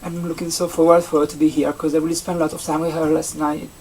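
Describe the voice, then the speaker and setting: A young adult vlogger from Italy with an Italian accent, a native Italian speaker chatting casually in English, rambling and halting with many restarts and fillers. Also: mid-range voice, level tone, darkish tone. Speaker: vlogger, seasonal campsite entertainment worker. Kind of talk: casual vlog chat. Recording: distant mic with faint background noise.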